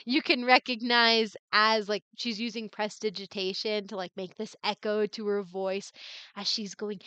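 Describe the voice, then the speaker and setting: A woman's voice: mid-range voice, level tone, normal speed, sharp tone, smooth, dry recording. A woman running a tabletop game as game master, rambling with many fillers and giggling often.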